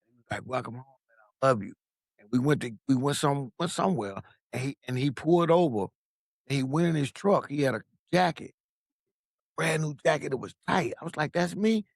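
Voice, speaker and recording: Animated man telling his story, dry sound. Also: on the high side, fairly quick, creaky, husky, dry recording. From Long Beach, California. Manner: animated, profane, acts out quoted voices. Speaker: podcast guest. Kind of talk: casual storytelling.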